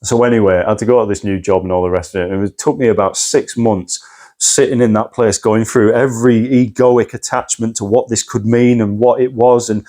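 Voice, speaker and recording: A man's voice: fairly low pitch, fairly even intonation, brisk, warm tone. Intense swearing man telling his story. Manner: intense, swears often, acts out his own past cries. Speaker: podcast guest. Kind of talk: candid personal story.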